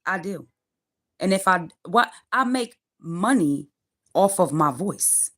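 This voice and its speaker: A woman's voice: lowish voice, animated, slow pace, a bit bright. A woman in her forties ranting on a livestream from her car, profane, defiant and preachy. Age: 40s. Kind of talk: angry livestream rant.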